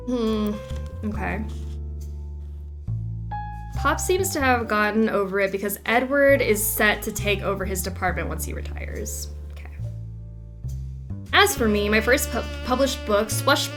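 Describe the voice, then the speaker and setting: A chatty woman plays through a detective game, thinking out loud and reading game text in a middle-pitched voice. Soft guitar music plays faintly behind her. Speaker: gaming streamer. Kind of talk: casual let's-play commentary, reading game text aloud.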